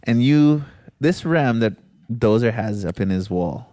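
A man's voice: mid-range voice, lively intonation, measured pace, dark tone, no room sound, studio quality. A man chatting casually and enthusiastically about spearfishing and hunting, swearing freely. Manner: laid-back, profane, enthusiastic. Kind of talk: casual podcast chat.

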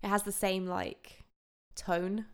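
A woman's voice: mid-range voice, little pitch movement, slow, clean tone. A young woman co-hosting a film podcast in casual, chatty talk, laughing often. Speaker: podcast co-host. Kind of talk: casual chat.

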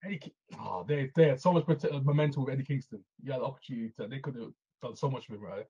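Excitable man, husky lo-fi voice. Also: mid-range voice, rapid-fire. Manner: excitable, repeats phrases, says bro a lot. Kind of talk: casual chat. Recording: dull lo-fi sound.

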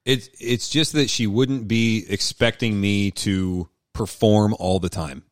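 A man's voice: on the low side, slow pace, no echo, clean studio sound. A man role-playing a stressed, angry husband who has come in for counseling, complaining defensively about his boss and wife. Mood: aggrieved. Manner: complaining, defensive, half-joking.

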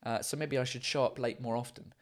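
Rambling, excitable man hosting a live show. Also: mid-range voice, fairly quick. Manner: chatty and rambling with frequent fillers; excitable, swears casually. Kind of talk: casual chat. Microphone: microphone.

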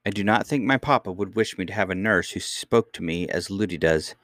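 A man voicing a young princess who speaks quietly and firmly in an audiobook reading. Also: deep voice, brisk, dry recording, studio quality. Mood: calm, firm. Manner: quiet, dignified, stubbornly composed. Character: young girl princess, calm and firm.

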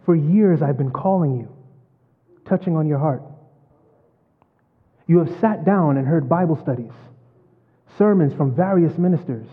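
A man's voice: fairly high pitch, breathy edge. Preacher man in an echoing hall. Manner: storytelling preacher, dramatic swings from loud to hushed. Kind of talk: sermon. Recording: phone-like, long hall reverb.

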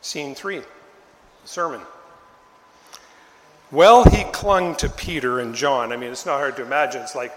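An older man preaching a sermon as pastor, telling the story in a lively, conversational way and acting out the bystanders in little voices. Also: mid-range voice, measured pace, pauses often, roomy sound, long reverb tail, slight background noise.

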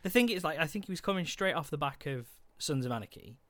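A man's voice: on the high side, lively intonation, quick pace, fairly bright tone, no echo. Man, casual film podcast, laughs a lot, dry close mic. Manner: laughs often, looks things up mid-chat. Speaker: podcast co-host.

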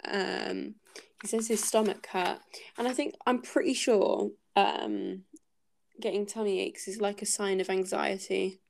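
Gravelly-voiced woman musing over a book. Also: medium pitch, steady tone, unhurried. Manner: hesitant, thinking aloud with many fillers. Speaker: book podcast host. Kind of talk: casual book discussion.

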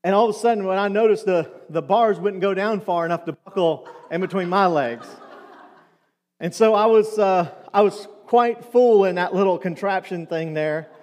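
A pastor preaches a sermon in a church sanctuary, telling stories and conversationally tossing asides to the congregation. His voice sits high with a darkish tone at normal speed, and the sound is big-room.

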